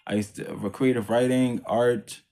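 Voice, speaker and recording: A man's voice: mid-range voice, fairly even intonation, moderate pace, warm tone. A man telling his life story as a religious testimony in a casual, rambling, repetitive way. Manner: rambling, repetitive, emphatic retelling; religious language. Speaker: vlogger sharing a personal testimony.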